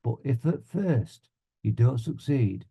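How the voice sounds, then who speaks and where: A Yorkshire man gives a motivational talk to an audience, with a warm, mellow tone. His comic timing is deadpan and self-mocking. His pitch sits in the middle for a man. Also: slow pace, vocal fry, breathy edge. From Yorkshire, England. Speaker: motivational speaker.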